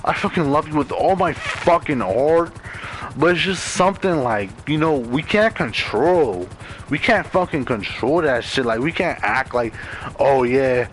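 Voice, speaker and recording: A man's voice: on the high side, lively intonation, unhurried, a bit bright, a little hiss or hum, poor audio. Rambling young man venting over a headset. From Maryland, US. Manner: rambling, profane, heavy on "like" fillers. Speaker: gamer in voice chat. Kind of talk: casual venting chat. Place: bedroom at home.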